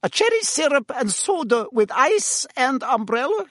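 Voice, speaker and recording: A gossipy innkeeper woman in a storybook, voiced high and bouncing all over by a man doing her voice. She sounds eager and nosy, in a close, dry recording. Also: sing-song, normal speed, a bit bright, dry recording, heavily acted. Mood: polite. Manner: chatty, gossipy. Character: curious middle-aged female innkeeper.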